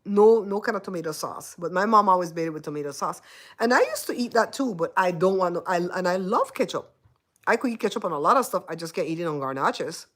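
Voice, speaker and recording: A woman's voice: fairly low pitch, animated, fast. A Belizean woman hosting a casual livestream chat, laughing often and teasing her viewers. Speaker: host.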